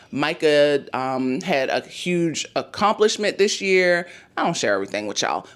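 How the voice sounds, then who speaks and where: A woman in her thirties, hoarse from losing her voice, chatting casually through her monthly budget numbers and talking straight to her viewers. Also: low-pitched. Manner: chatty, addresses viewers as "y'all", thinks aloud over numbers. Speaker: budgeting YouTuber.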